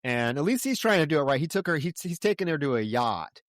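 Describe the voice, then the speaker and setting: A man co-hosting a podcast, retelling a movie plot in a relaxed, rambling way. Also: fairly high pitch, quick pace, dry recording, clean studio sound. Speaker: podcast co-host. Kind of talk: casual film recap.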